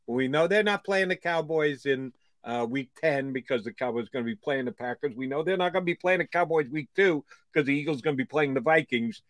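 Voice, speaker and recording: A man co-hosting a sports talk show, wry and animated with jokey asides. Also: fairly high pitch, a little fast, few pauses, dry recording. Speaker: sports radio co-host.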